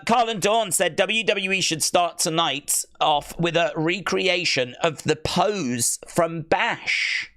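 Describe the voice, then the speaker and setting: A man hosting a live stream, reading viewer comments aloud in casual, playful chat and teasing them, often leaping into a high mock-outraged voice. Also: a bit bright. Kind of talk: casual watch-along chat.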